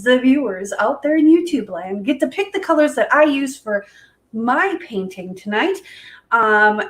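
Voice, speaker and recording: Woman, high voice, livestream host, chatty, giggly, folksy. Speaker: livestream host, acrylic pour artist. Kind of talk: casual livestream chat.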